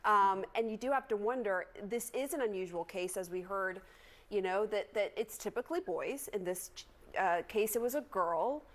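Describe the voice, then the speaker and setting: A woman anchoring a TV news broadcast, her pitch sitting in an ordinary middle range. She reads the story and then questions her guests earnestly, pushing her point with firm follow-ups. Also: normal speed.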